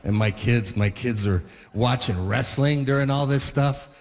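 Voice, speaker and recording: A man telling stand-up stories in an animated way, full of fillers and acted-out voices. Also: mid-range voice, a little slow, big-room sound, background noise. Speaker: stand-up comedian. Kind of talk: stand-up comedy storytelling.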